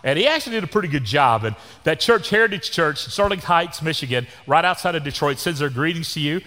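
Folksy Texan pastor, lively and echoing. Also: male voice, a little high, fast talker. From Texas. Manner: folksy, joking, down-home sayings. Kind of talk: sermon. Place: church sanctuary. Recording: long church reverb.

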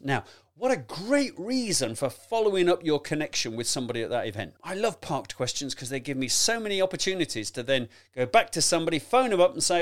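Man, presentation coach, lively swooping intonation, slightly higher voice, chatty, laughs a lot. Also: a little fast. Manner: animated, chatty, laughs often, direct address. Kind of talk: conversational teaching talk.

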